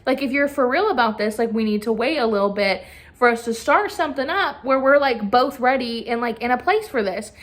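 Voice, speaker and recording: A woman's voice: fairly high pitch, expressive, fairly quick, hardly any pauses, close to an everyday voice. A woman voicing a lovestruck teenage girl who gushes, giddy and breathless, over a boy. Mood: hesitant.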